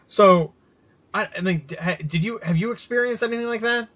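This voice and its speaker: Animated, swearing podcast dad telling stories. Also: male voice, sits high, fairly quick. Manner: animated storyteller, swears, acts out quotes. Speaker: podcast co-host. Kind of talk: casual podcast banter.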